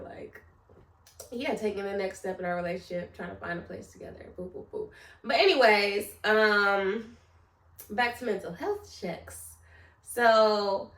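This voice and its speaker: A woman's voice: mid-range voice, a bit bright. A woman in her late twenties, vlogging at home in a rambling, candid way and talking straight to her viewers. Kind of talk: casual vlog chat. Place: room at home. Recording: echoey room, mic at a distance.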